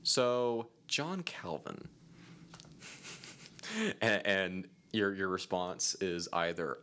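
A man's voice: low voice, drawn-out words, long pauses, smooth. A man co-hosting a casual podcast, chatting animatedly and reading a long passage aloud. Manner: animated, lively, reads a long quote aloud. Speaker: podcast co-host.

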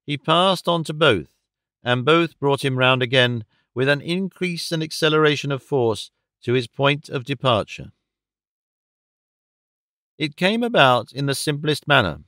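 A male audiobook narrator reading a classic novel in a steady, measured way. His voice is smooth and resonant, recorded close and completely dry, at a mid pitch for a man. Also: no room sound.

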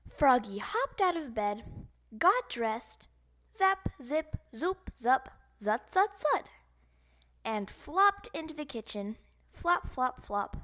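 Woman, children's audiobook reader, high animated delivery, slow pace. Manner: expressive, sound effects voiced. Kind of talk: children's storybook narration.

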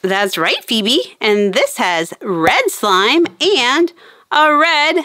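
Woman, kids' toy show presenter: slow, sing-song and excited, voice leaping up and down, dry close sound. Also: fairly high pitch, no room sound. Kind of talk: playful toy demo for kids.

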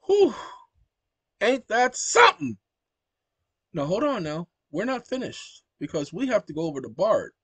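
A lively man talks through his screen share at his computer and speaks commands aloud to a voice assistant. His voice sits fairly high for a man, and the recording is close and dry with no room echo. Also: moderate pace, slightly rough. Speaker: channel host. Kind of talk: casual screen-share commentary.

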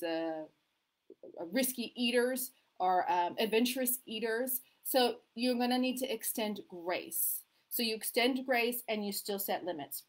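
A middle-aged woman talks to her viewers in a casual, animated way, as a family mediator giving advice. Her voice sits a bit high, and she often acts out what parents say. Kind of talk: live video talk to viewers.

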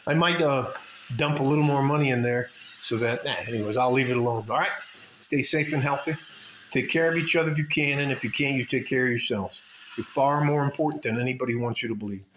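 A man's voice: medium pitch, fast, a bit bright. A man with a West Texas accent talking casually and bluntly to his viewers, rambling and swearing now and then. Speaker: vlogger. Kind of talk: casual direct-to-camera talk. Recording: echoey room with faint ambient noise.

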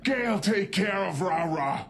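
A woman's voice: medium pitch, expressive, unhurried, a bit bright, slight background noise. A woman voicing a big, short-tempered female super mutant in a video game, talking in broken, simple sentences and calling herself by name. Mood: tender.

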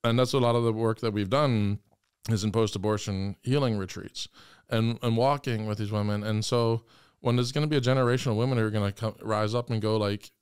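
A man's voice: on the low side, steady tone, a little fast, clean tone, no room sound, clean studio sound. A man, a priest, talking earnestly and with passion in an interview. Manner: earnest, impassioned storytelling. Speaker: guest priest. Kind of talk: conversational interview.

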